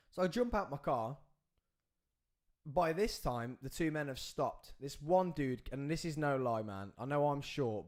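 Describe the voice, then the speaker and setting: A man, hosting a podcast and telling a story in an animated, excitable way, with big swings in pitch and loudness as he acts out the scenes. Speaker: podcast host.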